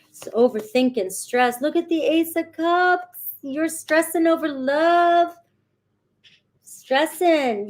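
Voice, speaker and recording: A woman with a high voice and a darkish tone gives a casual tarot reading, chatting directly to her viewers and often checking in with "all right."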